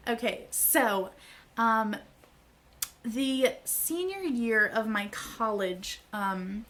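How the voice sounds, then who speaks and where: A woman's voice: mid-range voice, fairly bright tone. A woman in her thirties telling a personal story to camera in a chatty, candid vlog, laughing easily. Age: 30s. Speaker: vlogger.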